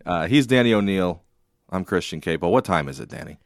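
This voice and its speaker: A man co-hosting a podcast in casual chat, relaxed and wry, trailing off into laughs. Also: deep voice, a little fast, no room sound, clean studio sound. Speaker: podcast co-host, sportswriter. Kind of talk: casual sports-media chat.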